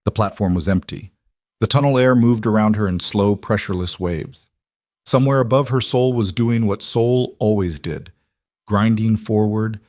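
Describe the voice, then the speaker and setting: A man tells a dramatic story in a measured, even narration. His voice sits on the low side and sounds dry and close, with no room echo.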